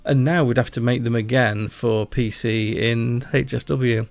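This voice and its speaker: A man with a broad Yorkshire accent chats loosely through a gaming livestream, joking and rambling as he answers his viewers. His voice carries a gravelly rasp. It is picked up close and dry, with faint music playing underneath. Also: medium pitch, steady tone, measured pace, dry recording. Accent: Yorkshire English. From Yorkshire, England. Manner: chatty, jokey, rambling, talks to chat. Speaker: livestream host. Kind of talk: casual gaming livestream chat.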